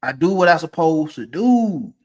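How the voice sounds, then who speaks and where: A man's voice: very animated, moderate pace. Heated ranting man with AAVE. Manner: heated, swinging between low muttering and loud emphatic bursts. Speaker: streamer giving opinions. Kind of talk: casual profane rant.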